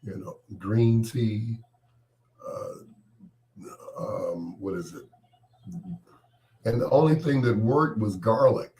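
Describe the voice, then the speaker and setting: Slow-talking male radio host with a cold. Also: on the low side, dark tone. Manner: joking, teasing listeners by name. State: has a cold, congested voice. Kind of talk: casual late-night radio chat.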